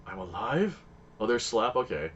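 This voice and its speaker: A man chats casually while streaming a game, telling long stories and slipping into voices for the people in them. His voice sits a little low. The audio is dull and lo-fi, with a faint hiss underneath. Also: very animated, moderate pace, fairly bright tone. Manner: rambling storyteller, acts out quoted voices. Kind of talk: casual chat while gaming.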